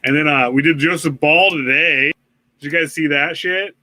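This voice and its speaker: A man's voice: a little high, normal speed, pushed and bright, no room sound, poor audio. A man co-hosting a casual live-streamed podcast, rambling with many fillers and swearing often. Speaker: podcast co-host.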